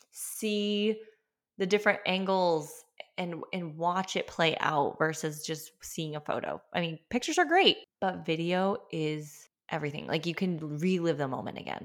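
A woman's voice: lowish voice, a bit bright. A young adult woman hosting a podcast, telling a personal story in a chatty, emphatic way full of "like". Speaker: podcast host.

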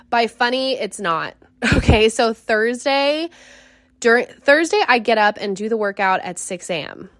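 A young woman fitness coach chatting on her podcast, telling stories in a lively, rambling way with lots of fillers. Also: mid-range voice, no room sound, studio quality. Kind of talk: casual solo podcast chat.

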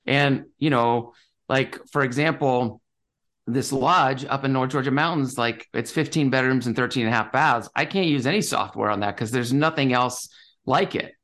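A man's voice: medium pitch, moderate pace, fairly bright tone. A man, a real estate investor guest, talking casually and enthusiastically, with lots of fillers and restarts. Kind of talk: casual interview talk.

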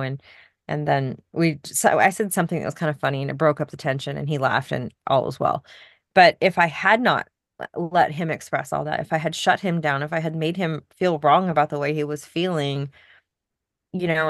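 A middle-aged woman co-hosting a podcast, telling a story in casual chat with soft laughs. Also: low voice, fairly quick, dry recording, studio quality. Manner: reflective, storytelling, laughs softly between points. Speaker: podcast co-host.

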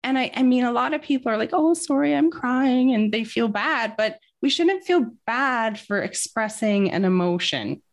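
A woman's voice: on the high side, lively intonation, normal speed, few pauses. A woman talking as a guest in a casual interview, telling a personal story in an earnest, reflective way.

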